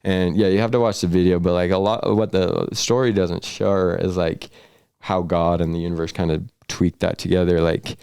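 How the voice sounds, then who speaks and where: A man's voice: low-pitched, level tone, moderate pace, vocal fry, a little mellow, smooth, no echo, clean studio sound. A young man, a podcast guest, telling a long story in casual, rambling talk full of fillers and swearing. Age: young adult. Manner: rambling, filler-heavy, profane.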